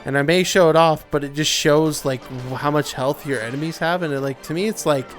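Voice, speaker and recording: A man's voice: on the high side, a little fast, faint music behind. A young man giving casual, rambling gameplay commentary, tired and yawning, with lots of filler words. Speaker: let's play commentator.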